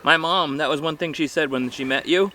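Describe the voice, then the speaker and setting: A man's voice: fairly high pitch, brisk, bright, forceful tone, dry recording. A man hosting his channel, chatting casually outdoors on a frozen lake in winter while eating and laughing, often talking with his mouth full. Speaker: channel host.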